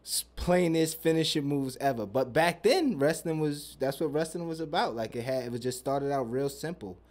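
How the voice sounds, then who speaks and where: A man's voice: fairly high pitch, moderate pace, darkish tone. A young man hosting a podcast, talking in a loose, profane, rambling and joking way. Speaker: podcast host. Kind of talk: casual chat.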